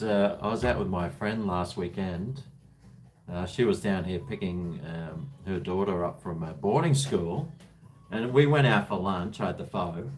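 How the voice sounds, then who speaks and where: A man's voice: low voice, darkish tone. A man chatting casually on a livestream, rambling with chuckles and answering viewers' comments. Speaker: livestream host.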